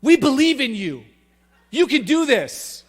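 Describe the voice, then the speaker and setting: A man's voice: very high-pitched, big pitch swings, a little slow, in a large hall, voice pushed up, full character voice. A man playing a cocky teen boy. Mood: mock-serious. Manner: mock-serious pep talk. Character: teenage boy, teasing and confident.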